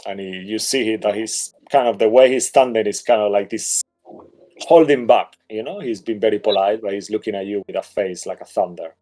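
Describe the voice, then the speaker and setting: Man, game master, low voice, relaxed, rambling. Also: brisk. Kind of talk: narrating a tabletop game.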